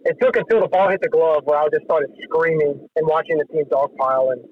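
An excitable man talks quickly in a high voice on a sports talk show. His sound is thin and phone-like, with no echo. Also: slight background noise. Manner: excitable, fast-talking. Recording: tinny dry phone-like line.

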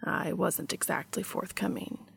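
A woman reading a storybook part as a reserved, formal grown man who speaks low and hushed, sometimes in a whisper. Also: measured pace, gravelly, husky, full character voice. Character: reserved, formal adult man, quietly protective.

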